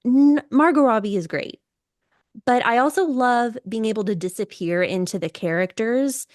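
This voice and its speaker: A woman's voice: a little high, normal speed, no room sound, studio quality. A young woman co-hosting a podcast in casual chat. She rambles with restarts and laughs as she talks. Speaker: podcast co-host.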